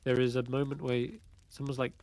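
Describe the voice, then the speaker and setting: A man narrating as game master, slow and searching for words. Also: medium pitch, completely flat delivery, a little mellow.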